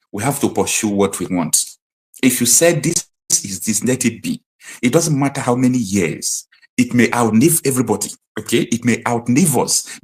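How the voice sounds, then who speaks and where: A man with a Nigerian accent hosting a live political commentary stream, impassioned and repeating his points for emphasis. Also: mid-range voice.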